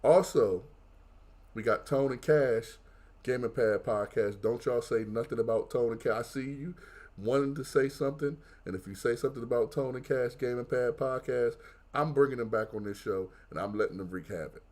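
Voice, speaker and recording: A man guest-hosting a wrestling podcast, talking in casual banter with animated, mock-outraged rants. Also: medium pitch, moderate pace.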